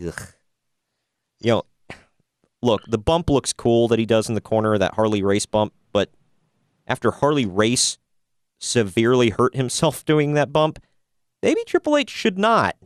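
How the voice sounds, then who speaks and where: A man's voice: mid-range voice, a little slow, long pauses, smooth, no echo, clean studio sound. A man hosting a casual wrestling news podcast, wry and opinionated, often laughing at his own jokes. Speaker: podcast host.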